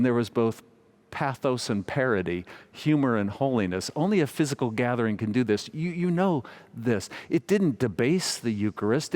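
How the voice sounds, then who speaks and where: A man, a pastor preaching a sermon and telling a humorous story in a gentle, self-mocking way. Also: mid-range voice.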